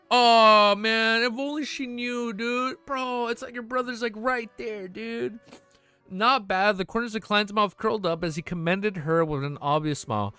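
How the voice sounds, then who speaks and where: A man's voice: high voice, pushed and bright, clear, resonant tone. A young man streaming, reading a novel aloud and breaking off to react emotionally, casual and swearing.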